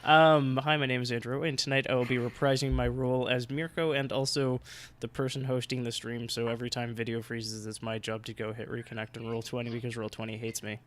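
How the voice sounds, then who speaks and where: A man's voice: medium pitch, flat delivery, fairly quick. A man hosting a tabletop game podcast and playing along, chatty and self-deprecating, on a computer mic over a voice call. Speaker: podcast host and player. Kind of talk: casual tabletop game chat.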